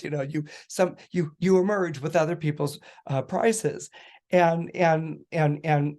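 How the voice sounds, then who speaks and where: A middle-aged man talking casually about astrology, telling stories with playful quoted voices and laughter. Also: on the high side. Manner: animated storyteller, acts out quoted voices with laughs. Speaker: astrologer podcast guest. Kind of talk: casual explanatory talk.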